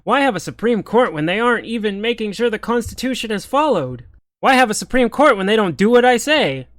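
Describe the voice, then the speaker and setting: A man's voice: high voice, sing-song, fairly quick, fairly bright tone, dry recording. A man ranting in political commentary, exasperated, sarcastic and profane.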